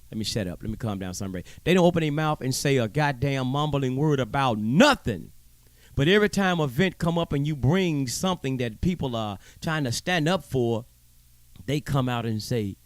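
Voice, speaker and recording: A show host delivers his own heated commentary monologue, full of profanity, preachy emphasis and stammered repeats. His voice sits in the mid range, with no room sound on the recording.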